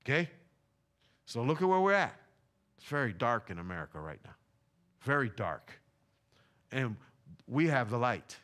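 A man's voice: medium pitch, sing-song, moderate pace, pauses often, fairly bright tone. A middle-aged man from Puerto Rico, preaching a fervent sermon in a church, repeating his points with emphasis. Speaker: pastor. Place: church sanctuary.

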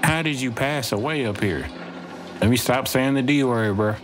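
Over the sound of the game, a man with a medium-pitched voice speaking at an ordinary pace gives let's play commentary on his own gameplay. He's a gaming streamer who keeps it casual, wandering off on tangents, joking, and saying "bro" nonstop.

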